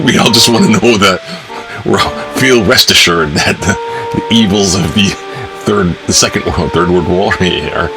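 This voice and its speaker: A man hosting a spoof news show, reading newspaper letters aloud and breaking in with wry, mocking asides. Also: low voice. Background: music.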